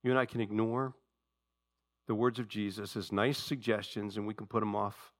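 A male pastor preaching a sermon with passion, dropping to a hush and then rising loud. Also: fairly low pitch, fairly even intonation, normal speed. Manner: impassioned preaching, swinging between hushed and loud.

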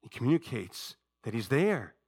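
A male pastor preaching a sermon with passion, dropping to a hush and then rising loud. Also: mid-range voice, very animated, moderate pace, breathy edge. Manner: impassioned preaching, swinging between hushed and loud.

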